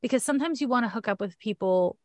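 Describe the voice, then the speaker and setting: A woman's voice: on the high side, animated, quick pace, no echo, studio quality. A woman with a Canadian accent giving a frank, chatty astrology reading in a casual one-on-one talk. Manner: chatty, frank, laughs often.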